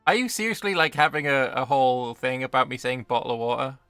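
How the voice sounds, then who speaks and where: British guy swearing his way through a strategy game stream, crisp bright voice with lots of fry. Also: mid-range voice, animated, fast talker, no room sound, soft background music. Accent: British English. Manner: banter with chat, swearing. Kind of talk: gaming livestream commentary.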